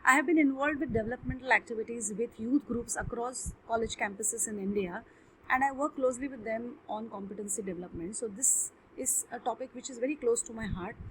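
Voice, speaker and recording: A woman, an HR head, giving an earnest, measured motivational lecture to students. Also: mid-range voice. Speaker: HR head, guest speaker.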